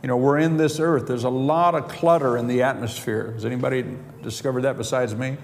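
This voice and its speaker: A man's voice: mid-range voice, fairly even intonation, a little fast. A middle-aged man preaching a sermon, telling stories with chuckles and quoting conversations in his own voice. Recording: reverberant hall, faint background noise.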